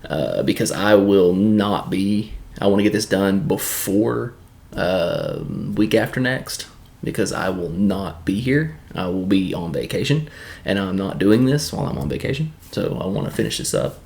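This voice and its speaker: A man from Tennessee with a Southern accent talks through a casual video review, rambling and restarting often. His voice sits a little low. A gravelly fry runs through his speech. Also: expressive, moderate pace, a little mellow. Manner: rambling, loose, many fillers and restarts.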